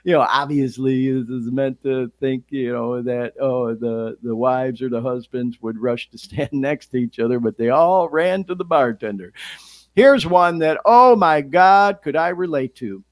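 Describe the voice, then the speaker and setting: A man's voice: mid-range voice, normal speed, few pauses, dry recording. A middle-aged man with a Detroit accent hosting a podcast, talking casually with lots of swearing and frequent laughter. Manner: profane, laughs often, expressive swings. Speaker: podcast host.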